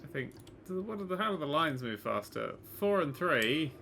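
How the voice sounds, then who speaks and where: A man giving casual let's-play commentary, excitable and sweary, swinging from quiet mutters to loud exclamations. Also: a little high, normal speed, vocal fry, slight background noise. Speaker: gaming YouTuber.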